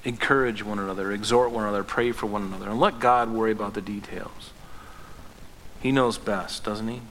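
A man's voice: lowish voice, steady tone, fairly quick, a bit bright, a little hiss or hum. A man preaching a sermon as a pastor, talking conversationally with restarts and asking emphatic rhetorical questions. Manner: restarts and fillers, rising to fervent prayer.

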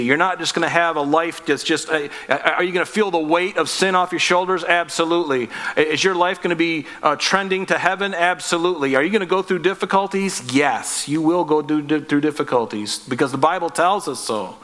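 A man's voice: on the high side, fairly quick, few pauses, fairly bright tone, long reverb tail. A man preaching a sermon as pastor, earnest and emphatic, asking the listeners direct questions.

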